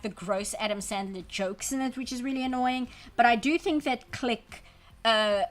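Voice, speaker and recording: Her voice is a little high and a bit bright as she draws live for her stream, rambling in a chatty, wry way and making fun of herself. She reads and replies to chat messages, with faint music playing behind her.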